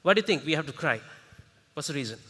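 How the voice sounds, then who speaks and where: A Sri male workshop facilitator with a higher-pitched voice leads an interactive workshop talk in a large conference hall, and the recording carries heavy hall reverb. His delivery is punchy and lively, full of crowd work, as he coaxes the audience along with quick rhetorical questions.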